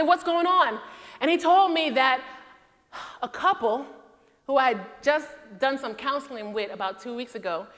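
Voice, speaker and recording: High-voiced woman preaching in a hall. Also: fairly bright tone. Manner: testimony-style preaching, emphatic, repeats points. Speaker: Navy chaplain and preacher. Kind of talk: sermon. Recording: long reverb of a large hall.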